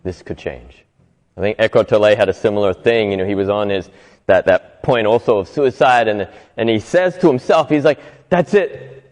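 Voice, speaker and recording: A man's voice: on the low side, brisk, darkish tone. Earnest male speaker in a reverberant space. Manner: earnest, acts out quoted voices, laughs often. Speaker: host giving a motivational talk. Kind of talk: reflective storytelling talk. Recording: long reverb.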